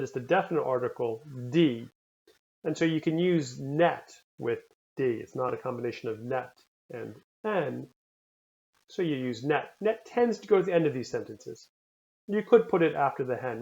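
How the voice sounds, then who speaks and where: A man with a mid-range voice teaching a recorded language lesson. He sounds out each word slowly and carefully, then repeats it for the learner. The recording is a little dull and lo-fi. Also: mid-range voice, a little mellow. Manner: slow, careful pronunciation drills.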